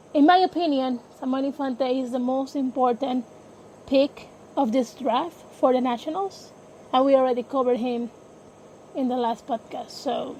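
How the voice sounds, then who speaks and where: A woman's voice: high voice, a little mellow, slight background noise, low-quality recording. A woman hosting a casual sports podcast, talking hesitantly, correcting herself and apologizing often. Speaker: podcast host.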